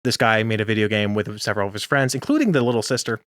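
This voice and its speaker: A man's voice: lowish voice, racing, fairly bright tone, no room sound, studio quality. A young man co-hosting a podcast, chatting casually and laughing often as he recaps an anime episode. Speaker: podcast co-host.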